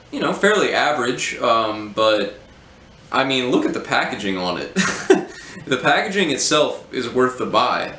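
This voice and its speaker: A man casually reviewing a beer, relaxed and hesitant with many ums. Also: medium pitch. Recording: roomy echo, faint hum.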